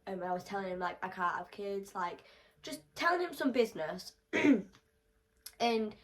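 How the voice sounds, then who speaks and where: Young woman, British accent, casual storyteller, blunt and sweary, mid pitch, clears her throat. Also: normal speed. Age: young adult. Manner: swears heavily, animated and blunt. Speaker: storytime vlogger.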